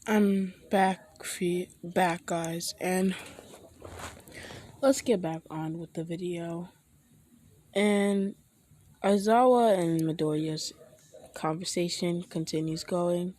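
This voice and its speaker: A young man casually retelling a fan story, rambling with many halting restarts. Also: high-pitched, fairly even intonation, darkish tone, a little hiss or hum.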